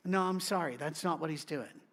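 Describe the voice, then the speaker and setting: A middle-aged man preaches, sitting high in his voice. He talks to his flock like a conversation, shooting up for emphasis and dropping to a hush. The delivery is loose and unscripted. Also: fairly quick. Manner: conversational preaching with wide swings in pitch and loudness. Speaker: pastor. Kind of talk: sermon.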